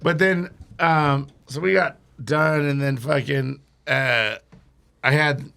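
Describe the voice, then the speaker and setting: A man's voice: a little high, fairly even intonation, slow, creaky, sharp tone, clean tone. A young man, a podcast guest, telling a rowdy, profane story and laughing through it.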